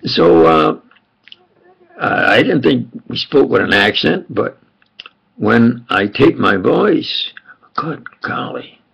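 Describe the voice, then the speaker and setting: An older man with a thick New York accent reminisces aloud, his voice heavy with gravel and a husky edge. He wanders and repeats himself, Italian his first language. The recording is dull and lo-fi. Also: medium pitch, very animated, takes it slowly, long pauses, a bit bright. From New York, USA. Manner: meandering, repeats himself, chuckles while reminiscing. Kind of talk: rambling personal monologue.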